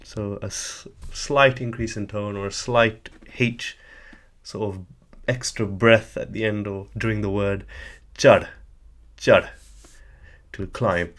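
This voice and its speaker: Low-voiced man teaching a language lesson. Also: fairly even intonation, a little slow, a bit bright. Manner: patient, methodical, hedges often with "sort of".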